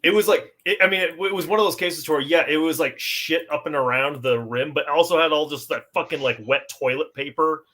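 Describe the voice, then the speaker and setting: A man's voice: fairly high pitch, a little fast, few pauses, bright, forceful tone. A man chiming into a casual chat, chuckling and swearing.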